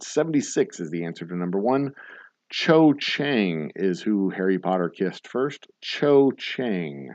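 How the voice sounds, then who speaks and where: Deep-voiced man hosting bar trivia. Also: big pitch swings, a little mellow, dry recording, lo-fi sound. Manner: casual, joking, swears offhand, repeats questions slowly. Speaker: trivia host.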